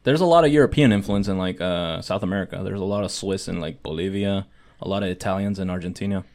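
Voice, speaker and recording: A man's voice: low voice, fast talker, a little mellow. A young man co-hosting a casual podcast, laughing often and mimicking his friends. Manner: laughs a lot, does voices of friends. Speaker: podcast co-host. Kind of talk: casual chat.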